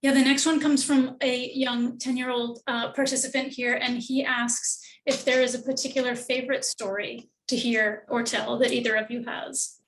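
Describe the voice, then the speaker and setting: A woman's voice: a little high, little pitch movement, normal speed, few pauses, a bit bright, low-quality recording. A woman moderating a webinar, reading out audience questions in a friendly, orderly way over a video call.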